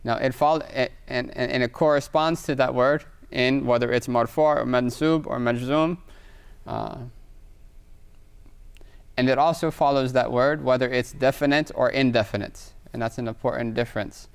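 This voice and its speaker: A man's voice: medium pitch, steady tone, moderate pace, gravelly, clear, resonant tone. A man teaching an Arabic grammar lesson, explaining patiently and reading Arabic examples aloud, often checking in with "right?". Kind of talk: recorded online lesson.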